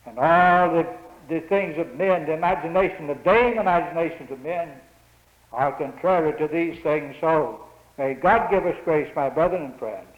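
A man preaches in a high voice, swelling into emphatic peaks and repeating key phrases. The sound is dull and lo-fi, with plenty of room echo around him, like an old church tape. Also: moderate pace. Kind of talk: sermon. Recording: muffled roomy old church recording.

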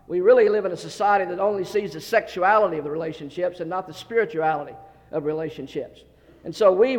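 A man's voice: high voice, a little mellow, big-room sound. A male pastor preaching a sermon full of folksy jokes and asides, often repeating words. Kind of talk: sermon with humorous stories.

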